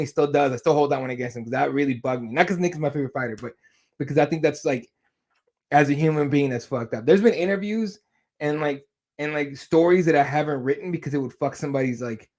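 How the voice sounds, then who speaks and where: Male podcast co-host, rambling and profane, somewhat high voice. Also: a little mellow. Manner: rambling, many fillers and restarts, swears. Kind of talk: casual chat.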